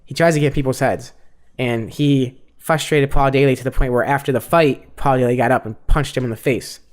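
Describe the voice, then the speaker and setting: A man's voice: medium pitch, fairly even intonation, brisk. Rambling, profane young man. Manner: rambling, profane fight breakdown with many fillers. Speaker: podcast co-host. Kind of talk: casual chat.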